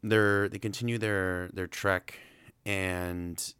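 Guy with a really low voice just rambling thru a movie recap, dry close sound. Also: little pitch movement, slow pace, bright, forceful tone, clean tone, dry recording. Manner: chatty and rambling, amused. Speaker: film reviewer. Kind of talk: casual film recap.

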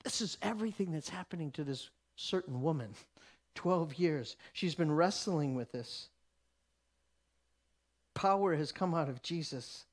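Conversational preacher, rising and hushing. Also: male voice, fairly high pitch, lively intonation, unhurried, long pauses. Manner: conversational and emphatic, drops to a hush, laughs. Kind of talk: sermon.

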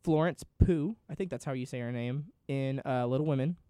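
A man's voice: medium pitch, brisk, mellow, smooth, dry recording, studio quality. A man co-hosting a podcast, chatting casually and reading off a list of nominees. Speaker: podcast co-host. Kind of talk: casual chat.

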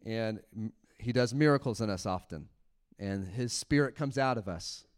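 A man preaching a sermon in church, animated, laughing often and acting out little quotes. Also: lowish voice, normal speed. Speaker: pastor.

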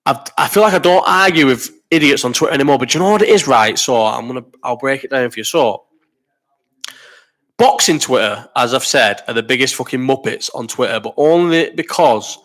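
A man's voice: medium pitch, fairly quick, a bit bright. A man in his thirties hosting a casual live chat, rambling and swearing as he reads out comments while sick with a cough. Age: 30s. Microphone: desk microphone.

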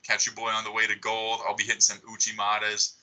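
A man's voice: fairly low pitch, completely flat delivery, fast, pushed and bright, low-quality recording. A young man chatting casually as a podcast guest, swearing freely and full of likes and you-knows. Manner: swears a lot, laid-back filler-heavy talk. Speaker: podcast guest, jiu-jitsu competitor.

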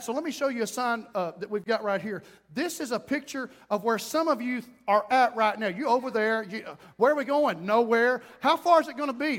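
Male pastor, very high voice, emphatic repetitive preaching, long hall reverb. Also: fairly bright tone. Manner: emphatic, repetitive preaching with self-talk asides. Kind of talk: sermon.

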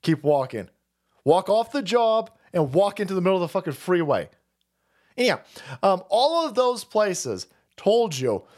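A man's voice: high voice, big pitch swings, moderate pace, a little mellow. Foul-mouthed sarcastic male ranter. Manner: swings into exaggerated mocking voices. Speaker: stream host. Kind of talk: ranting political commentary stream.

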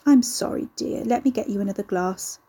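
A woman voicing a gentle but stern old grandmother who talks in a level, scolding tone. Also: mid-range voice, fairly quick, breathy edge, lightly acted. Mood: gently stern.

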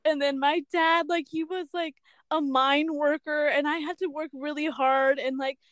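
High-voiced young woman telling a story. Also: moderate pace, no echo, studio quality. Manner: animated storyteller, heavy use of "like" and "bruh", acts out quotes. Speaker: podcast co-host. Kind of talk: casual storytelling chat.

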